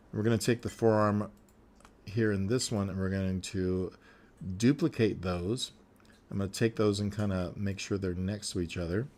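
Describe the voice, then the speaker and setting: A man's voice: fairly low pitch, creaky. A man narrating a casual animation tutorial, thinking aloud as he works, with frequent ums and uhs.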